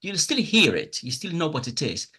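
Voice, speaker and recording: A man's voice: fairly high pitch, very animated, normal speed, bright, forceful tone, breathy edge. A man teaching a pronunciation lesson from slides, patiently explaining with spoken examples and plainly enthusiastic about teaching. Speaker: English teacher.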